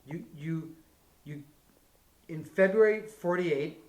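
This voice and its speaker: A male interviewer asks probing questions and often cuts in. His voice sits a little high, and the room around him is roomy and echoey. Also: slow pace, darkish tone. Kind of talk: oral history interview.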